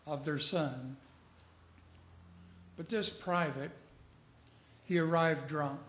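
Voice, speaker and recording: A man's voice: fairly high pitch, a bit bright. A man preaching a sermon, telling a story and building to emphatic, urgent appeals. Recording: echoey room.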